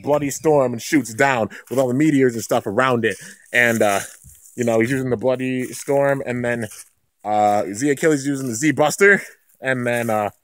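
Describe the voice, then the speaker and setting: An excited man recapping a cartoon episode in a loose, rambling way, packing his talk with fillers. He sits at a middle pitch that is typical for a man. His recap is casual and unscripted. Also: no room sound. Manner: excited, rambling, heavy use of "like" and "you know". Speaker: anime reviewer.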